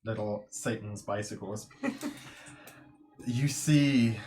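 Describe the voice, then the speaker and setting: A man of ordinary pitch runs a tabletop game, setting scenes and walking the players through the rules. He speaks in a measured, explanatory way and fills his pauses with um and uh. A faint hiss sits behind him. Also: steady tone. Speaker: game master.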